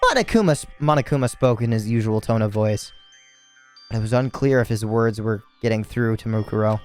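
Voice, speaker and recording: A man's voice: fairly low pitch, steady tone, brisk, a little mellow, smooth, soft background music. A tired man reading a video game's story aloud, stumbling over words and correcting himself with casual asides. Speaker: let's play narrator.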